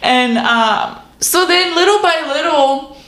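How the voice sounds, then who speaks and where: Woman, podcast co-host, casual storytelling, frequent swearing, slightly high voice, echoey room. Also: slow pace. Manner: animated storytelling, swears often, many "like" fillers.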